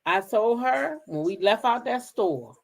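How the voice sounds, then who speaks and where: A woman from the DC hosting a casual livestream, telling stories straight to her viewers in an animated, profane way. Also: on the high side, a little slow, vocal fry. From Kensington, Maryland, near Washington DC. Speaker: livestream gossip host. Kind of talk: casual chat with live viewers.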